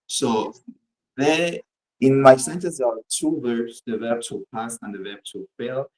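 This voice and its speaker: Guy student walking thru his homework, careful and methodical, middle pitch. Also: a little slow, low-quality recording. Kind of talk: presenting class exercise.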